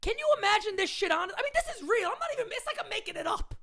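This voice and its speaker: A woman ranting loudly and indignantly into a phone camera, repeating her points as a sports fan. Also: extremely high pitch, big pitch swings, rapid-fire. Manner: loud, indignant, repetitive ranting. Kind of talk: live rant into a phone camera.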